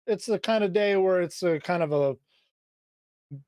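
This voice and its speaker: A man's voice: high-pitched, moderate pace, a little mellow, smooth, dry recording, clean studio sound. A man running a tabletop game as game master, hesitating and searching for words as he narrates.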